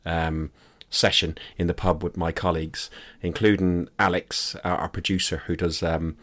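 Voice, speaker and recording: A man's voice: low-pitched, flat delivery, normal speed, fairly bright tone. Tired Irish man hosting a podcast. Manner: joking, rambling, self-mocking. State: tired after a long drive and a late night. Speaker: podcast host. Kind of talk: casual chat.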